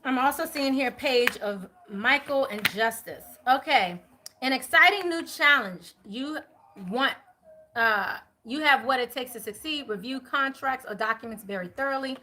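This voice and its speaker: Chatty lady doing a live tarot reading, talks to her viewers, high and bright. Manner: frequent fillers, quick apologies. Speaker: tarot reader.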